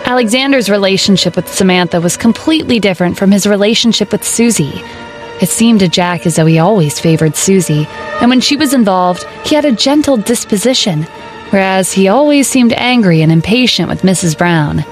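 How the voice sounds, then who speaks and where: A woman's voice: medium pitch, lively intonation, brisk, faint music behind. Woman narrating a romance audiobook.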